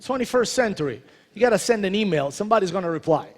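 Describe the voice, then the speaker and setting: Animated Italian-accented man in a hall. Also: sits high, fast. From Italy. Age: 30s. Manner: joking, animated, addresses crowd directly. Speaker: celebrity chef speaker. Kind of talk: motivational talk to an audience. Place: large convention hall. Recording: reverberant hall.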